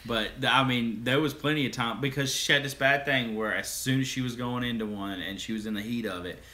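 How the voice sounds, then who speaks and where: A man's voice: medium pitch, a little fast, pushed and bright, slight background noise. A man chatting casually on a family vlog, rambling through stories with restarts and laughs. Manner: rambling, restarts, laughs while acting out quotes. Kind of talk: casual storytelling chat.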